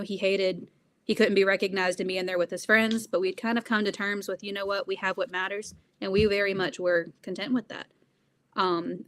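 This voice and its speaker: A young woman in an interview who talks earnestly in a middle pitch. She laughs often and leans on fillers as she goes. Her delivery is candid and steady. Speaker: guest. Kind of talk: interview conversation.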